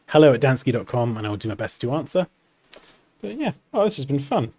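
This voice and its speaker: Animated, lively-voiced male livestream host. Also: mid-range voice, a little fast. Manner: chatty, laughs easily, coos at his cat. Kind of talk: casual livestream chat.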